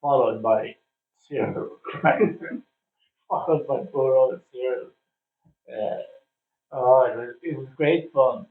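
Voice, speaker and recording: An older man from Ireland, a former cricketer, reminiscing in a casual interview, telling his stories with plenty of "uh" pauses. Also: medium pitch. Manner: chatty storyteller with frequent "uh" pauses. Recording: distant, phone-like, roomy sound.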